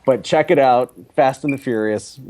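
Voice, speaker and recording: A man's voice: mid-range voice, normal speed, warm tone. A middle-aged man, a company executive guest in a casual interview, chatty and often tagging on "you know" and "right?".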